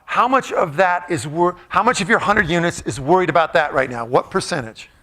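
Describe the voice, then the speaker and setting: A man's voice: sits high, expressive, a little fast, sharp tone. A man giving a playful, jokey motivational talk, quizzing a live audience in a large room. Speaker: motivational speaker.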